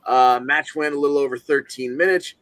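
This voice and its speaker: A man co-hosting a wrestling podcast, recapping a match in a brisk, matter-of-fact way. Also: mid-range voice, fairly bright tone, dry recording. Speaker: podcast co-host.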